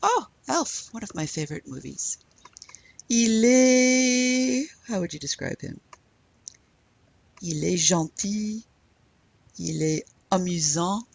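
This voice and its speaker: A middle-aged woman teaching a recorded French lesson, patiently explaining step by step and saying French phrases slowly for her students. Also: medium pitch, lively intonation, creaky, slightly rough, low-quality recording.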